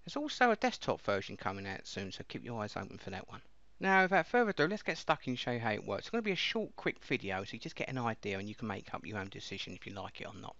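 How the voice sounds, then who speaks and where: A man casually walking viewers through a piece of software step by step, in a chatty explaining way. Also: fairly low pitch, very animated, quick pace, creaky, no room sound. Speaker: software reviewer. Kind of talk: casual screen-recording walkthrough. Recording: dull lo-fi dry mic.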